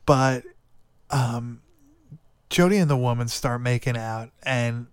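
A man talks through a movie's plot in loose, chatty podcast fashion, tossing in swear words and filler as he goes. His voice is smooth and clear. The sound is dry and close, with no room around it. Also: mid-range voice, slow pace, dry recording. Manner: rambling, swears often, lots of "like" and "dude". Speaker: podcast co-host. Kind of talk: casual movie recap chat.

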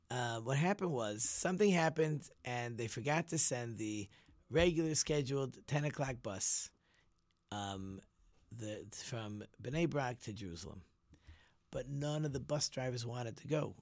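A man telling a story in a casual talk, animated, repeating words and acting out the people in it. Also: medium pitch, moderate pace, no echo. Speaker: storyteller and teacher.

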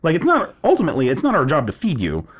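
A young man telling a story in casual chat, animated, swearing freely and filling his talk with "like". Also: on the high side, quick pace, slightly rough. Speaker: podcast co-host telling a story.

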